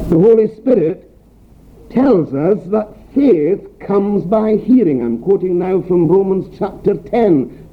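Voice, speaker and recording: A man's voice: high-pitched, breathy edge. An older man with a broad Scottish accent preaching a sermon, earnest and direct, with pointed rhetorical questions and homely stories. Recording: tinny phone-like recording with faint background noise.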